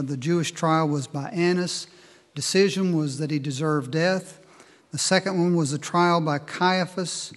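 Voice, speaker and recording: A man preaching a sermon in a church hall, his slightly high voice carried by a long reverb. He reads scripture aloud, then slows down to explain it with measured pauses.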